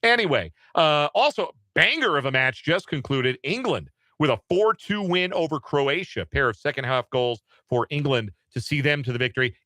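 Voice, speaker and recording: A male sports radio host running through the day's scores with a bright, forceful voice. He talks loosely, cracking jokes and correcting himself as he goes. The sound is dry and close on a studio mic. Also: on the high side, animated, normal speed, few pauses, no room sound. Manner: loose, joking, with asides and self-corrections. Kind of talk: sports radio headlines roundup.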